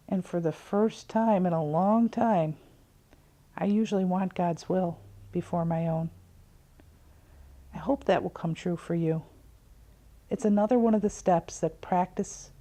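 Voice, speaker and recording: A middle-aged woman hosting a recovery talk show, telling a personal spiritual story in an earnest way and often dropping to a soft near-whisper. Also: on the low side.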